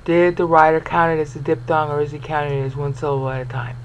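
A woman's voice: low voice, level tone, fast talker, highs cut off, slight background noise. Woman, Bible teacher, explanatory, sounds out syllables, frequent check-ins. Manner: explanatory, checks in with "okay?" and "all right?". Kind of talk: screen-walkthrough lesson.

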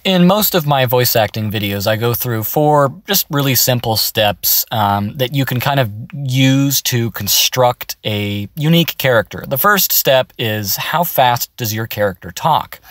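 A man's voice: mid-range voice, fairly bright tone, no echo, clean studio sound. A man giving a casual, upbeat voice acting tutorial, explaining step by step from his car.

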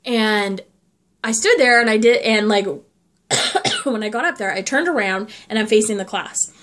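A woman's voice: a little high, lively intonation, moderate pace, a bit bright. A young woman vlogger telling a story in a chatty, casual way, full of "like", and coughing often. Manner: chatty, lots of filler "like".

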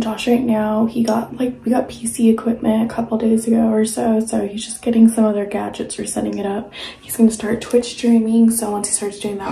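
A woman's voice: medium pitch, mellow, roomy sound, rough recording. A young woman vlogging at home late at night in a casual, chatty way, saying "like" a lot. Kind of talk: casual vlog chat.

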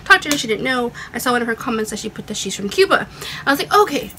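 A young woman chatting excitedly in a casual vlog at home, rambling with restarts. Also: fairly high pitch, racing, a little hiss or hum, low-quality recording. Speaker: beauty and fashion vlogger.

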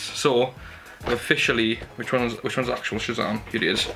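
A man's voice: on the low side, level tone, a little fast, creaky, background noise. A young man, chatty and enthusiastic, showing off his Christmas gifts at home in a casual haul video. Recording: background music under the voice. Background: music playing.

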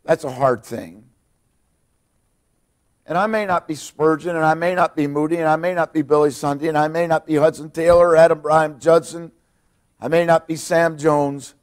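A middle-aged man preaches a sermon to his congregation in a church. His voice sits a little higher than most men's. He moves between quiet, hushed lines and loud, emphatic ones. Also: steady tone, normal speed. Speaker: pastor. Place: church sanctuary.

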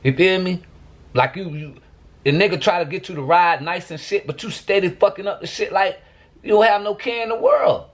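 A man's voice: sits high, brisk. A man vlogging to camera, venting in a profane, exasperated rant.

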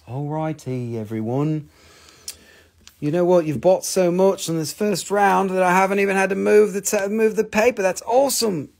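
Guy rambling and cussing through a live rock sale, kinda high voice. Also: fairly even intonation, a little fast, gravelly. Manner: joking, profane, rambling. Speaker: host of a live crystal sale. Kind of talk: casual live-stream sales chat.

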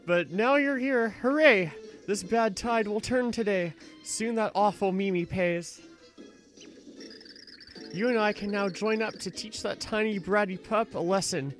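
A man's voice: sits high, a little slow, a bit bright, soft background music. A man reading aloud the rhyming lines of a haughty female fortune-teller from a game, in a sing-song way. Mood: proud.

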